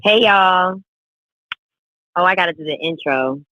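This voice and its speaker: A man's voice: sits high, unhurried, lo-fi sound. A man co-hosting a livestream chat, brash and teasing. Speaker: regular co-host.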